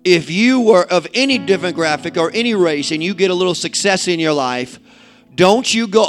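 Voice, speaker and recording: Fiery high-voiced evangelist man. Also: lively intonation, moderate pace, soft background music. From inner-city St. Louis, USA. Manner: swings from quiet asides to shouted exhortation, folksy. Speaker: evangelist preacher. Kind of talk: fiery sermon. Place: church service with congregation.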